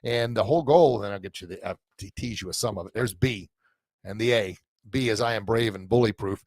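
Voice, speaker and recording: A man's voice: lowish voice, a little fast, no echo. A middle-aged man hosting a live podcast stream, talking loosely to listeners with many fillers, restarts and heartfelt asides. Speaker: podcast host and coach. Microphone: camera mic in front of him.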